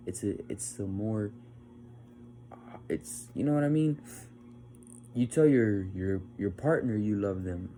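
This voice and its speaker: Young man, mellow low-key tone, casual rambling advice, acts out quoted voices. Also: unhurried, long pauses, soft background music. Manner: frequent "man" tag words. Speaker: vlogger. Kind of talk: casual motivational monologue.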